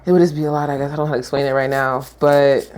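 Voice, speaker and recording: A woman's voice: deep voice, level tone, racing, a little mellow. A woman who works as a yoga therapist, chatting casually in a podcast conversation, rambling and laughing often as she trails off and restarts.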